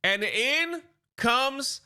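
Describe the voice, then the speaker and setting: A man's voice: very high-pitched, lively intonation, very slow, bright, forceful tone, clean tone. A man casually retelling a comic book's story in his own chatty words, quoting the characters' lines as he goes. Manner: chatty retelling, voicing characters' lines, many "you know" and "he's like". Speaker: comic book reviewer.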